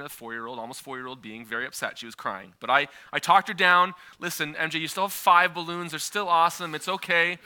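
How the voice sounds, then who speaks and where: A man in his thirties preaching a sermon, telling a personal story in a conversational, animated way. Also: on the high side. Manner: conversational, animated, with frequent filler and restarts.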